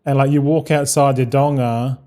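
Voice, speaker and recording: A man's voice: medium pitch, fairly even intonation, normal speed, dark tone. An Australian man in his thirties, streaming a game and chatting casually with viewers in a rambling, laid-back way, swearing freely. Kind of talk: casual live-stream chat.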